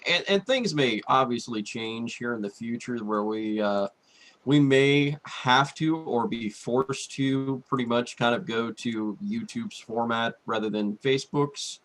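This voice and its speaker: A man hosting a radio talk show, speaking in a relaxed, halting way with many restarts. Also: medium pitch. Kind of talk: casual talk-show chat.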